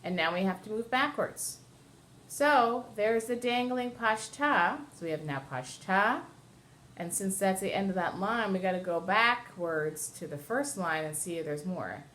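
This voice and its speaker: A woman's voice: mid-range voice, expressive, measured pace, fairly bright tone, slight background noise. A woman cantor explaining Torah chanting step by step to a class, now and then singing short phrases. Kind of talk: classroom lesson with sung examples.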